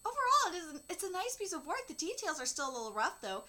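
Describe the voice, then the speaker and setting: A woman's voice: very high voice, quick pace. A woman in her thirties hosting a manga reaction, reading the dialogue aloud and reacting with candid emotion. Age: 30s. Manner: emotional and candid, reads dialogue flatly between outbursts.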